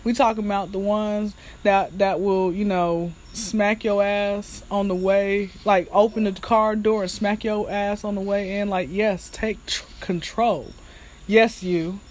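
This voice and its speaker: A woman's voice: medium pitch, unhurried. A woman hosting a candid solo podcast, telling frank stories with laughs and talking straight to her listeners. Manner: chatty and animated, addressing listeners as y'all. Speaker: podcast host.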